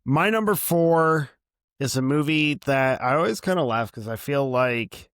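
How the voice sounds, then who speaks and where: A man co-hosting a film podcast in casual chat, animated and laughing often, talking in long run-on thoughts. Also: mid-range voice, a little slow, clean tone, no echo, clean studio sound. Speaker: podcast co-host.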